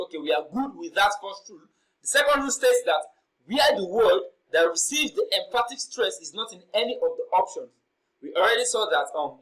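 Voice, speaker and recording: A man leads an exam-prep lesson as a tutor. He lays out rules one by one, goes back over key points and reads each question aloud at a slow pace. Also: sits high, a bit bright, low-quality recording.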